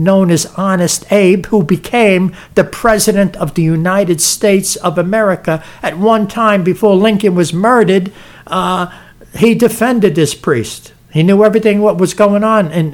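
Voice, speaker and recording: A man preaching fervently to his listeners, often tripping over and repeating words as he presses his point. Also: high voice. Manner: fervent, stumbling restarts, direct address to "folks". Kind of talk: emphatic preaching with read-aloud passages.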